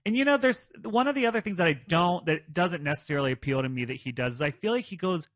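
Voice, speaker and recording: Higher-voiced man co-hosting a podcast. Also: lively intonation, quick pace, fairly bright tone, no room sound, lo-fi sound. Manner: musing, hesitant, trails off. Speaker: podcast co-host. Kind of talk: casual chat.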